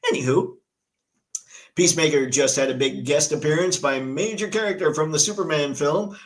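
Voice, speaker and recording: A man hosting a casual live stream, chatty and excitable, reading viewer comments and news aloud. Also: a little high, low-quality recording. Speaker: livestream host.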